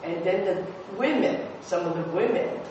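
A man, a former TV news producer, telling anecdotes to an audience, lively and halting with fillers and restarts. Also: sits high, lo-fi sound. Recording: echoey hall, voice from far off with noise.

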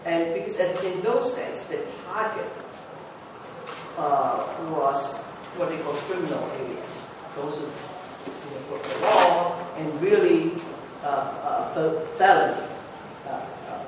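This former TV news producer is giving an anecdotal talk, his slightly high male voice lively but stumbling over fillers and restarts. The hall is very echoey, and he comes across from a distance with background noise.

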